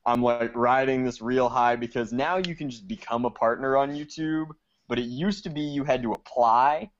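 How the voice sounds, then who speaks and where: A man's voice: moderate pace, slight background noise. Man storytelling over dull lo-fi audio. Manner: storytelling, acts out quotes in high voices. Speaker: podcast guest. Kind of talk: casual interview chat.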